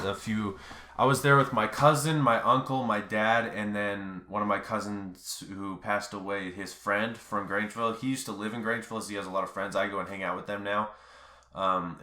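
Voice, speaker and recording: A man's voice: fairly low pitch, bright, forceful tone, reverberant. A young man telling a story in a casual vlog, rambling and loose, with lots of fillers. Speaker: vlogger.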